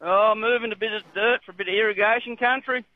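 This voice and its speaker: A man's voice: sits high, fairly even intonation, fast, dry recording. A laconic Australian man calling in to a radio talk show, chatting casually. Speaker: caller, farm machinery driver. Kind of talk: phone-in chat. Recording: tinny phone line.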